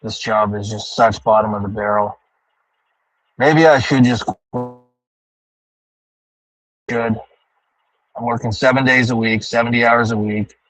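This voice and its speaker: A man's voice: medium pitch, steady tone, unhurried, long pauses, fairly bright tone, a little hiss or hum, low-quality recording. A man livestreaming from his car on the drive home, rambling and ranting with heavy profanity as he talks to his chat. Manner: profane, ranting, thinking aloud. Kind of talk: casual rambling monologue.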